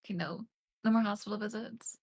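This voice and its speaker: A woman's voice: medium pitch, fairly quick. A young woman chatting with a friend over a voice call, easygoing and teasing, laughing often. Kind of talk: casual chat on a voice call.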